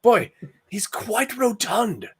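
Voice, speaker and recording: A man's voice: sits high, big pitch swings, slow pace, slightly rough, pitched above the performer's own voice, full character voice. A man voicing a fussy English doctor in a tabletop game, chattering in a put-on English accent. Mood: starstruck. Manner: chattering, fussy, self-interrupting.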